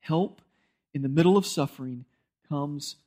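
A man's voice: fairly high pitch, unhurried, dark tone. A male pastor, preaching a sermon in a conversational, storytelling way and acting out bits of dialogue.

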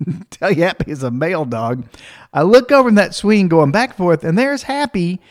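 A man telling a comic personal anecdote, animated, acting out the other people's voices and laughing as he goes. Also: sits high. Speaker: storyteller.

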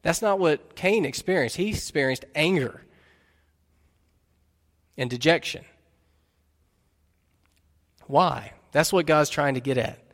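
Male pastor, earnest, keeps questioning the congregation; a touch high-pitched, recorded in a large echoing sanctuary. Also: slow pace, pauses often, a bit bright. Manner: earnest, asks listeners questions again and again. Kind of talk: sermon. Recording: long reverb of a large hall.

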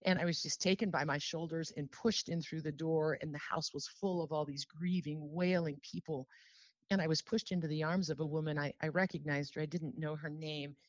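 A woman telling her personal story as an interview guest, earnest and heartfelt, emotional and near tears, slowing down on solemn phrases. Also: low-pitched, steady tone, dry recording, muffled recording.

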